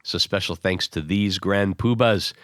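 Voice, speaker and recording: A hoarse man with bronchitis co-hosting a podcast, reading names with playful banter. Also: low voice, a little slow, fairly bright tone, no echo, studio quality. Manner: playful, reads a long list of names. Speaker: podcast co-host. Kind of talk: casual chat.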